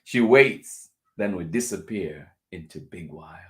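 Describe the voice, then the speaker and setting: A man reading a picture book aloud for children, going over each passage twice in a gentle way and chuckling softly between lines. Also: low voice, animated, a little slow. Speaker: children's storyteller.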